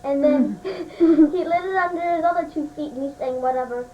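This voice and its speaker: A woman's voice: high-pitched, normal speed, dull audio. A woman telling a joke at a family holiday gathering at home, laughing and offhand about the details. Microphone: home camcorder. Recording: home camcorder audio with faint hum.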